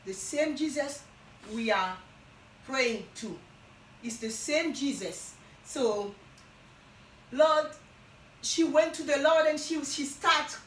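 A woman preaching a Bible teaching sermon, slow and emphatic, often repeating and restarting her phrases. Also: sits high, animated, fairly bright tone, roomy sound, recorded from a distance, low-quality recording.

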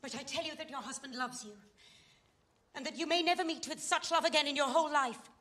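A woman's voice: high-pitched, quick pace, a bit bright. An actress playing a fallen society woman who pleads urgently and with passion in a stage play scene. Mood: pleading. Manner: impassioned, pleading.

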